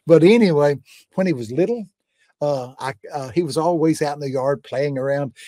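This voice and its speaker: An older man with a slightly high voice tells faith stories in a homespun, fervent way. He keeps coming back to emphatic refrains as he talks. The sound is close and dry, with no room echo. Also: normal speed, dark tone. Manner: folksy, fervent, repeats "I'm telling you". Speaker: guest preacher. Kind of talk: testimony storytelling in a conversation.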